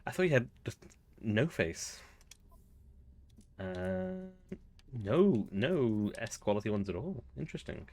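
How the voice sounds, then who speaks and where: A man's voice: medium pitch, big pitch swings, takes it slowly, creaky, pauses often, darkish tone. A man casually commenting on his gameplay, chatty and amused, thinking aloud as he goes. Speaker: gaming video host.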